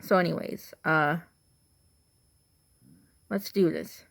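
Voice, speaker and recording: A woman's voice: deep voice, fairly even intonation, slow pace, vocal fry. Chatty young woman with an Illinois accent. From Illinois, USA. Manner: chatty, full of "like" and restarts. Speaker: vlogger. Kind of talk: casual rambling monologue.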